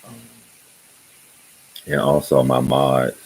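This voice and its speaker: A man's voice: rumbling low, level tone, slow, slight background noise, poor audio. A man hosting his own channel, talking loosely and rambling in casual livestream chat, often laughing. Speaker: YouTube channel host.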